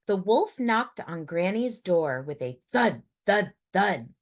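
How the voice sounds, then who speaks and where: Woman reading a children's picture book, slow and very lively pitch, expressive. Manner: expressive, unhurried. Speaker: storyteller. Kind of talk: picture-book read-aloud.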